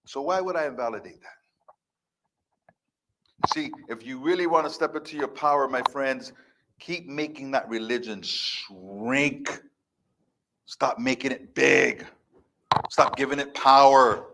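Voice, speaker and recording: A man's voice: medium pitch, unhurried, long pauses, a bit bright, slight background noise. A man in his fifties giving a motivational speech as a life coach before a live audience, emphatic, repetitive and defiant. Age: 50s.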